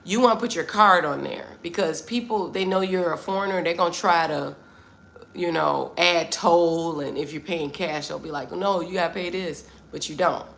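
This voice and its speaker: Gravelly American woman on a livestream. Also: on the low side, normal speed, fairly bright tone. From United States. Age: middle-aged. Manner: chatty, answers viewers' comments. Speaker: livestream host. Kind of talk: casual livestream chat. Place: Vietnam.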